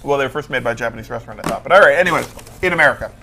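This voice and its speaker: A man hosting a casual comedy chat show, teasing his co-hosts in a deadpan way. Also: mid-range voice, rapid-fire, gravelly, slight background noise. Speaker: host.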